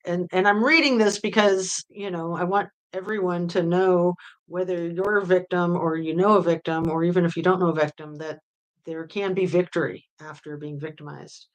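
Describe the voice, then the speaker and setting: A woman with a somewhat low voice talks loosely to her live viewers. She rambles, fills her pauses with ums and uhs, and reads out comments as a true crime host. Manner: chatty, rambling with many fillers. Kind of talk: casual chat with live chat readers.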